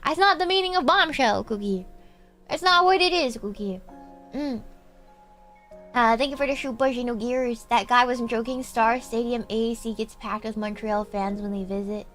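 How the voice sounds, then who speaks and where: A chatty woman streamer with a high, bright voice reads out viewer donations and chats back casually. She keeps calling her audience "Cookie" and lets the ends of her phrases drop soft and low. Faint music plays behind her. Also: moderate pace. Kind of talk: casual livestream chat, reading viewer donations. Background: faint background music.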